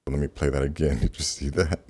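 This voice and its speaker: A man with an extremely deep, low-pitched voice gives casual commentary over video clips as the host of his channel. He rambles loosely and often restarts his sentences. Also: brisk, mellow, breathy edge. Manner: rambling, with many fillers and restarts.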